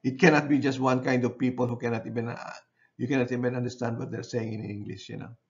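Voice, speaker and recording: A man giving a university lecture. He speaks haltingly, often repeats phrases and checks in with his class using "okay". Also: mid-range voice, flat delivery, dull audio.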